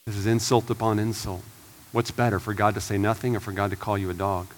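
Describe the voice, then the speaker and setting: A man preaching a sermon as pastor, swinging from hushed and slow to loud and urgent. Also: on the low side, little pitch movement. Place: church sanctuary.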